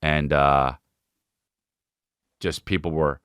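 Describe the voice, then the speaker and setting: A man's voice: extremely low pitch, fairly even intonation, slow pace, fairly bright tone, clean tone, no room sound, studio quality. A man hosting his own podcast, telling rambling, profane comic stories and imitating voices and sounds along the way. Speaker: podcast host. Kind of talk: casual comedic monologue.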